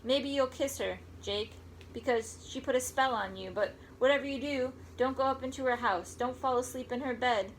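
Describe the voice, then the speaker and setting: A woman's voice: sits high, normal speed, a little hiss or hum, natural voice, rough recording. A woman voicing an upset, sarcastic teenage girl who pleads with urgency. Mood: pleading.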